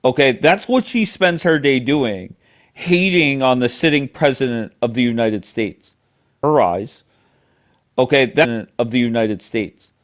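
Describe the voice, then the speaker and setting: At a measured pace, a medium-pitched livestream host gets into a heated argument with his guest. He swears heavily, fights his corner and keeps talking over the other person.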